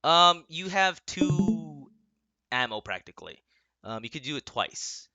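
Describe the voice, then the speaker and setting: A man's voice: on the high side, big pitch swings, unhurried, pushed and bright. A young man running a tabletop game as game master, casual and often laughing.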